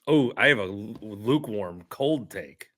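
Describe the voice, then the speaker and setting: A man with a bright, sharp voice co-hosts a casual sports podcast. He chimes in with wry, joking remarks. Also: fairly low pitch, lively intonation, a little slow.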